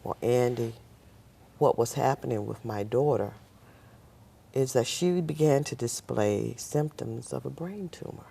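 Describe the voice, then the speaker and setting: With a voice unusually deep and edged with gravel and creak, a nurse recounts a personal story as a talk show guest. Her pace is a little slow, yet her telling is lively, and she gives voice to each person in the tale.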